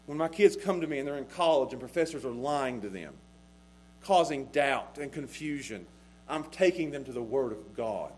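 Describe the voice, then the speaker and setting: A middle-aged man preaching a sermon as pastor, swinging between hushed lines and loud, emphatic ones. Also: mid-range voice, lively intonation, moderate pace.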